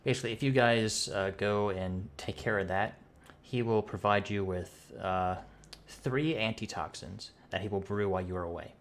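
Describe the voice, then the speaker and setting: A man running a tabletop game as game master, talking in a halting way with many fillers and restarts, with a cough. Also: lowish voice, slight background noise.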